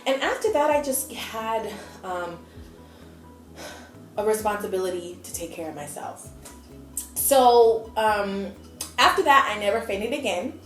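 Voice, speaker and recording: A young adult woman tells a story to her camera in a chatty, animated way. She slips into quick voices for the people in it. Her voice sits at a middle pitch, and the room around her sounds echoey, with faint music underneath. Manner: chatty, animated, acts out quotes. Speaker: vlogger. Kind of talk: casual storytelling.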